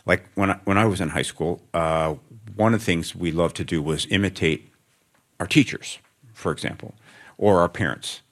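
Speaking at a moderate pace before a student audience, a middle-aged author gives an onstage interview, his talk meandering, reflective, and self-deprecating. His voice is low-pitched yet fairly bright.

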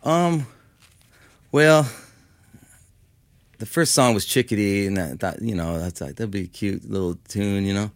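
Speaking unhurriedly and pausing often, a fifties-aged musician from Los Angeles gives a loose, casual interview peppered with "like" and "you know." His voice is on the low side, and the studio-quality recording has no echo.

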